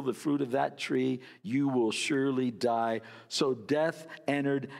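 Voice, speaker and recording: A man's voice: on the high side, fairly bright tone, in a large hall. A man preaching a sermon, telling a story and mimicking barking dogs with playful asides. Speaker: pastor.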